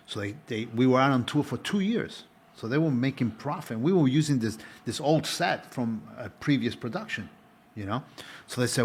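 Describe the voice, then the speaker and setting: A man's voice: medium pitch, lively intonation, normal speed, slightly rough. A man in his fifties, a former stage actor, answering interview questions in a chatty, rambling way with frequent restarts.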